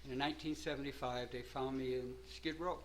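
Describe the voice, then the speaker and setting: An older man from Southern California telling his personal recovery story at a meeting, rambling at first, then growing animated and laughing. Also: mid-range voice, a little fast, a little hiss or hum, rough recording.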